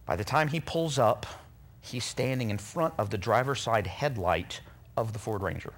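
A man's voice: mid-range voice, normal speed. A middle-aged man preaching a sermon, telling personal stories in an earnest way and acting out what people said. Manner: earnest, animated storyteller who acts out quotes.

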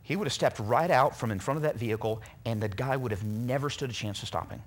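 A man's voice: mid-range voice, quick pace, husky. A middle-aged man preaching a sermon, telling personal stories in an earnest way and acting out what people said. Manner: earnest, animated storyteller who acts out quotes.

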